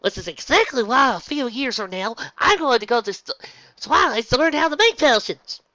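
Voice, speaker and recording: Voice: medium pitch, animated, moderate pace, sharp tone, dry recording, pitched above the performer's own voice. A narrator voicing an earnest, chatty young farm pony filly in a raised voice, on a dull lo-fi recording.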